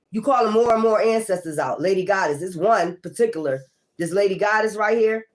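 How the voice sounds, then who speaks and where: Blunt, profane woman reading tarot. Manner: blunt, profane and confrontational, calling out critics; swings between loud outbursts and low muttering. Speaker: tarot reader. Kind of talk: casual tarot reading monologue.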